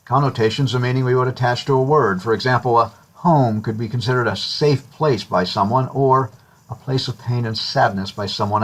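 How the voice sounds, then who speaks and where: A man's voice: mid-range voice, slightly rough. A man from the United States giving a recorded course lecture in a conversational, lightly humorous way. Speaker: instructor.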